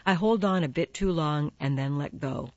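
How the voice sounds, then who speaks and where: A woman's voice: sits low, normal speed, no echo, dull audio. A woman narrating a first-person novel in a wry, matter-of-fact way. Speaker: audiobook narrator.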